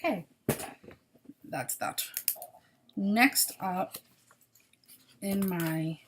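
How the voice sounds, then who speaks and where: A woman's voice: medium pitch, extremely slow, slight background noise. A woman hosting a crochet video podcast, chatting casually and apologetically about her projects, sounding tired.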